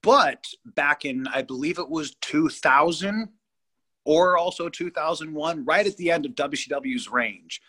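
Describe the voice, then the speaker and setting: A man in his thirties from California, telling a personal story as a guest in a casual interview, animated, blunt and profane, often repeating himself. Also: on the high side, unhurried. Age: 30s.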